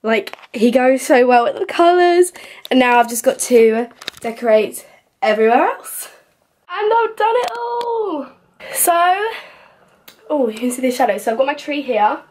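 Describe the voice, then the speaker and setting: A young woman vlogging at home in her bedroom, filming herself on a handheld camera. She talks quickly and chattily, rambling along and sounding a little out of breath. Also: fairly high pitch, expressive, darkish tone, slight background noise. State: slightly out of breath. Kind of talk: casual vlog chat.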